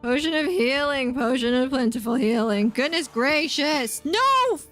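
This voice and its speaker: A woman streaming a game, chatting casually and excitably, yelping and laughing as she plays. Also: high voice, normal speed, soft background music. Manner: chatty and excitable, yelps and laughs while playing. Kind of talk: casual gaming commentary.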